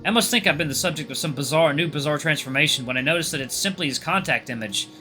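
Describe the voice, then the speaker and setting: A young man reading a visual novel aloud with casual asides, expressive and lively. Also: a little high, fast, faint music behind. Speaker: gaming YouTuber.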